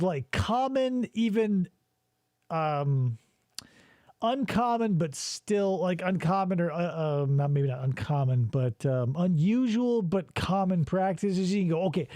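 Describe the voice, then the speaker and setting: Sardonic male podcaster, high voice, dry close sound. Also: expressive, a little slow, darkish tone, no echo. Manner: profane, rambling, sardonic. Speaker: podcast host. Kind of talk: casual chat.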